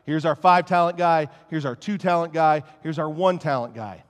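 A man's voice: fairly high pitch, moderate pace. A man preaching a casual, joking sermon to his congregation in church. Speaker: pastor. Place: church sanctuary. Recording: long church-hall reverb.

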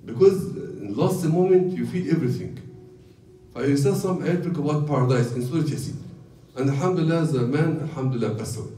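A man's voice: a little high, a little fast, a little hiss or hum. A man delivering a sermon in simple non-native English, reciting Arabic verses and telling stories with growing liveliness. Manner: storytelling, grows lively when retelling accounts. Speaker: sheikh giving a talk. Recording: echoey room, voice from far off the mic.

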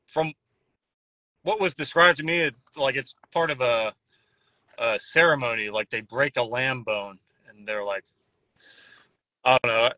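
A man chatting casually as a guest, rambling and halting with frequent restarts. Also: medium pitch, sharp tone, no room sound. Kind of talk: casual chat. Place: Nashville.

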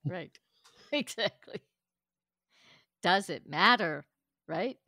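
A woman's voice: fairly low pitch, animated, drawn-out words, bright, forceful tone, no echo, studio quality. An older woman, a comedian guest, chatting casually and telling punchy stand-up jokes, acting out the voices of people she quotes. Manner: punchy joke delivery, acts out quoted voices.

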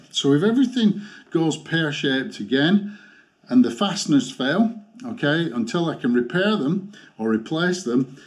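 A man talks through a motorcycle gear review. He rants with exasperation and stops to restart his sentences. His voice sits at an ordinary middle pitch. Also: a little mellow. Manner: exasperated ranting, halting restarts. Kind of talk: product review vlog.

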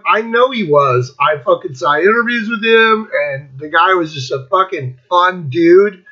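A man's voice: sits high, animated, moderate pace, few pauses, pushed and bright, lo-fi sound. A man in his fifties hosting a casual rant, blunt and profane, rambling between thoughts. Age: 50s. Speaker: host.

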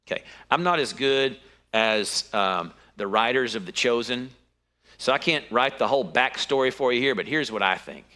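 A man preaching a sermon, telling the story in an animated way with sudden high exclamations. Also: moderate pace.

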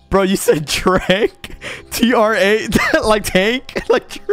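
A man's voice: high-pitched, very animated, takes it slowly, gravelly, fairly bright tone, soft background music. A young man streaming a game live, chatting casually, swearing a lot and laughing often. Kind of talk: casual live-stream chat while gaming.

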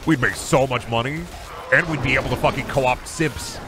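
A man's voice: medium pitch, moderate pace, noisy background. A young man from Iowa streaming a game, rambling crudely and mocking himself, swearing often. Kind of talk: casual gaming stream commentary.

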